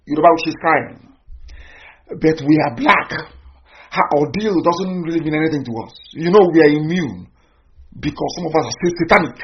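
Guy going off in a political rant, high voice, muffled lo-fi sound. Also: moderate pace, roomy sound. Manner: fiery, repetitive, scolding. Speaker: political commentator. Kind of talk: impassioned political monologue.

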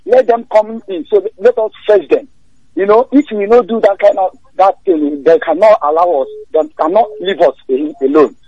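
A man's voice: high voice, normal speed, vocal fry, mellow, no room sound. A man with a Nigerian accent, from Imo State, calling in to a radio show, speaking urgently and repeating himself. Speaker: caller. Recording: muffled phone line.

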